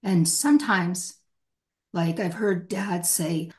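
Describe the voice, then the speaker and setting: Here a middle-aged female hostage negotiator is a guest on a podcast, delivering an emphatic answer. Her pitch is medium and her intonation lively, and she takes her time while dramatizing quoted speech with real passion.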